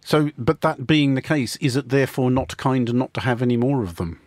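A man's voice: mid-range voice, brisk, a little mellow, no room sound. Male radio host, dry wit, close studio mic, no room. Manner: dry, wry asides. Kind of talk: hosting a radio discussion.

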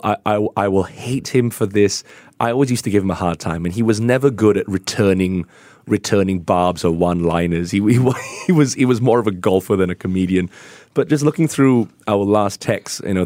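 A man, a golf commentator, remembering a late friend in an interview, telling warm stories with laughs and many restarts. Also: on the low side, no room sound.

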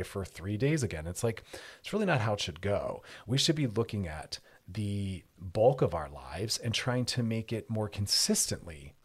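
Animated male radio advice host. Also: on the low side, slightly rough. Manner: animated, lively, often slips into mocking put-on voices for others. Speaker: radio show host and therapist.

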